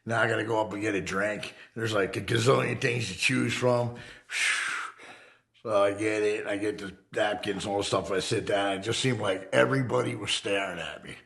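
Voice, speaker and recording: A middle-aged man from the United States, an ex-convict telling his life story in a casual, profane, animated way, acting out the voices he quotes. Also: lowish voice, moderate pace, vocal fry.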